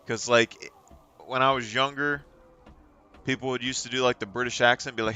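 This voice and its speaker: A man's voice: mid-range voice, normal speed, bright, forceful tone, smooth. A young man streaming a game, chatting and rambling through stories as he plays. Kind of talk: casual chat while playing.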